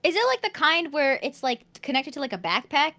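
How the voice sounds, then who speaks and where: High, bright woman with a lively voice. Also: brisk. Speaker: guest on a chat stream. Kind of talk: casual chat.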